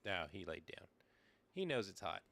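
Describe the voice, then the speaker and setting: In a casual live-stream chat, a middle-aged man talks through his setup from a small backyard shed where an air conditioner runs. His low-pitched voice carries vocal fry at a normal speed, and he rambles in a relaxed way, thinking aloud with lots of fillers. He sometimes leans away from his desk microphone.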